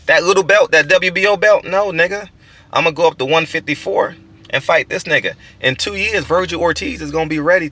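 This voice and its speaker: A man's voice: lowish voice, pushed and bright, no room sound. A man in his forties hosting a boxing channel, talking in a casual, profane, emphatic monologue with stammered restarts.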